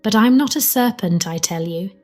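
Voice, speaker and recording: A woman's voice: mid-range voice, expressive, moderate pace, a little mellow, faint music behind, natural voice. Lady reading as a polite little girl, earnest, kinda puzzled, storybook voice.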